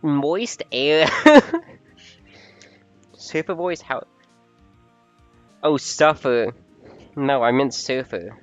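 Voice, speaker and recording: A man's voice: on the high side, sing-song, extremely slow, pauses often, dry recording, muffled recording, soft background music. A man streaming a game with casual, joking, self-mocking commentary into a desk microphone.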